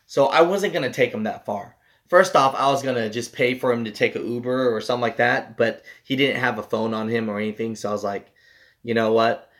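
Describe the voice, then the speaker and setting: A young truck driver who hosts a channel tells his viewers a loose, rambling story, swearing freely and peppering his talk with "like" and "you know." His mid-range voice is a bit bright and fairly quick.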